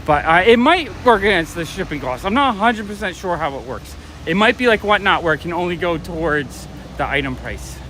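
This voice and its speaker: Middle-aged male vlogger, high voice, loose and chatty, faint city traffic behind. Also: expressive, fairly quick, bright, forceful tone. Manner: rambling storyteller, chatty with viewers. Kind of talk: casual walking livestream chat. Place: city street outdoors. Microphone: phone or camera carried while walking. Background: traffic and street ambience.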